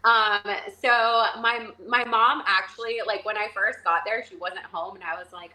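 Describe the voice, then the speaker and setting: A woman's voice: medium pitch, moderate pace, hardly any pauses, pushed and bright, poor audio. A young woman from North Carolina chatting as an interview guest, full of "like" and acting out little quotes as she tells stories. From Charlotte, North Carolina. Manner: chatty, lots of "like", acts out quotes. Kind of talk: casual interview chat.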